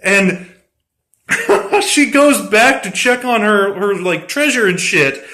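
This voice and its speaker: A man's voice: high voice, lively intonation, takes it slowly, sharp tone. A man casually retelling a tabletop game session, rambling and profane, often breaking into laughter. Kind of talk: casual storytelling.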